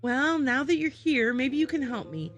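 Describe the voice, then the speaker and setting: A woman's voice: very animated, moderate pace, highs cut off, soft background music. A woman voicing a fussy, worried elderly mother who nags and guilt-trips her son. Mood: fretting. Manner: high fretting nagging voice.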